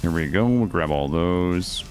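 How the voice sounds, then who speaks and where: A man's voice: sits low, expressive, a little slow, a little mellow, soft background music. A man streaming a video game live, chatting to his viewers in a jokey, profane, rambling way, close on a studio microphone. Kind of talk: casual live gameplay commentary. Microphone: studio dynamic mic.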